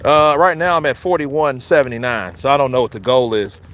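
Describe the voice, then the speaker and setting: A man with a Philadelphia accent hosts a casual boxing live stream in a medium-pitched, fairly bright voice, talking a little fast. He's loose and joking and hypes things up with repeated chants.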